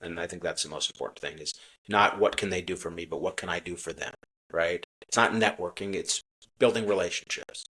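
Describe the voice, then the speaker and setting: A middle-aged man, a company chief, telling a customer-service story in a relaxed interview with earnest restarts. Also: low-pitched, a little fast. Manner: earnest, acts out quoted dialogue, many restarts. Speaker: menswear company CEO, podcast guest. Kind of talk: casual interview talk, storytelling.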